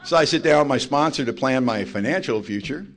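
A man giving a personal testimony to a recovery meeting, with a voice of middling pitch. He talks bluntly and mocks himself, and he tells his story with energy, slipping into the voices of the people he quotes. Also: expressive, brisk. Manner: blunt, confessional and self-mocking.

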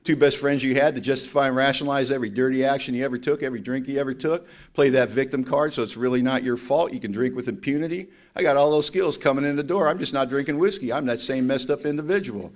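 A man sharing his recovery story at a meeting, blunt and confessional, telling it with animated storytelling and acting out the voices he quotes. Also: medium pitch, fast talker, few pauses. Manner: blunt, confessional and self-mocking. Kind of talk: personal testimony talk to a recovery meeting.

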